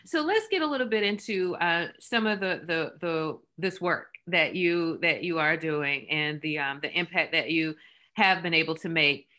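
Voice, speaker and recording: A woman hosting an interview, speaking haltingly with frequent restarts. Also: deep voice, sharp tone. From South Carolina. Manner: halting, many fillers and restarts. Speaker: host. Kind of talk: conversational interview.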